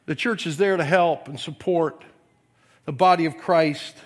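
A pastor preaching a sermon, swinging from quiet, low passages to forceful yelling. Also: male voice, measured pace.

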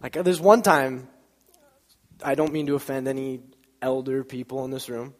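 A man talks to a church audience in a relaxed, chatty way. He tells everyday stories and acts out the back-and-forth himself, sometimes laughing. His mid-range voice carries a long reverb from the hall. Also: medium pitch, moderate pace. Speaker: church speaker. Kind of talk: informal sermon with storytelling.

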